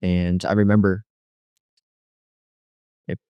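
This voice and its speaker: A man's voice: low-pitched, flat delivery, slow pace, clean tone, no room sound, muffled recording. A man giving a personal testimony as an interview guest, rambling and filling his speech with frequent "you know.". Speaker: guest telling his life story.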